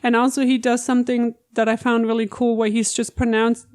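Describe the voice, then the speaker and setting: A woman's voice: a little high, little pitch movement, brisk, a little mellow, clean tone. A woman co-hosting a podcast in casual chat, talking in an analytical, enthusiastic way and explaining pronunciation details. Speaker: podcast co-host.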